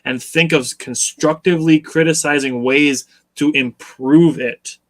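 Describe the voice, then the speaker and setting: A man co-hosting a casual sports podcast, explaining his points in a measured, steady way and urging listeners to stay level-headed. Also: fairly high pitch. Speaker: podcast co-host.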